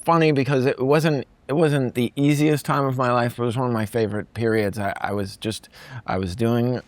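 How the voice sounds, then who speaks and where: A man's voice: medium pitch, fairly even intonation, no echo. A male comedian from Massachusetts, likely in his forties, talking casually as a guest, often restarting his sentences. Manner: halting, restarts phrases, chuckles. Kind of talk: casual conversation.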